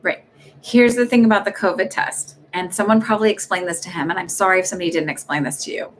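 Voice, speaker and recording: A woman's voice: fairly low pitch, steady tone, fast talker, a little hiss or hum. A woman hosting live psychic readings, talking in a chatty way with many fillers and restarts. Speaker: psychic medium host.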